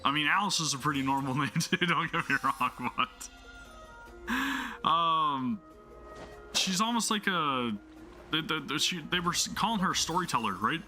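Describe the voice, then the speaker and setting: Bright-voiced rambling gaming host. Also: male voice, a little high, sing-song, a little slow, faint music behind. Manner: rambling, full of fillers and restarts; enthusiastic. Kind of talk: casual gameplay commentary.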